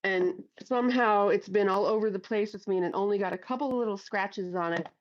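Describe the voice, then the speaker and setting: A woman's voice: mid-range voice, a little fast. Middle-aged woman on a headset livestream, blunt, swears a lot, kinda muffled lo-fi sound. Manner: blunt, profane, chatty, reads out viewer comments. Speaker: livestream host. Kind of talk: casual live chat. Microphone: headphones with mic.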